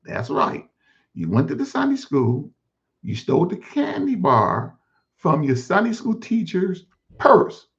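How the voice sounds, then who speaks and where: A man's voice: on the high side, wildly swooping pitch, a little slow, full character voice. A man acting out God, patient fatherly Lord, coaxing and repetitive, one-man sermon skit, raised voice, lo-fi recording. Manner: coaxing, pastoral, repeats himself. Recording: dull lo-fi recording.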